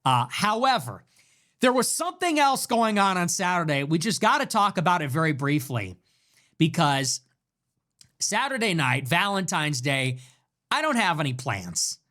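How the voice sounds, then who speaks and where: A male online commentator rants in a casual monologue, his pitch leaping around with lively swings. He goes flat and deadpan one moment and mockingly loud the next, always riffing. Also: moderate pace. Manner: animated, mocking, ranting, swings from deadpan to yelling.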